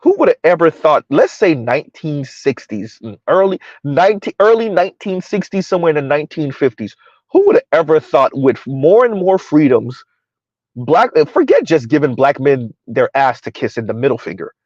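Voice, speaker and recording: A man's voice: a little high, sing-song, normal speed, a little mellow, dry recording, muffled recording. A man hosting a casual commentary stream, arguing in rhetorical questions, throwing in "right?" and "huh?", and answering viewer chat. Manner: rhetorical, repeats "who would have ever thought" and "right? huh?"; talks about himself in third person. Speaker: commentary host.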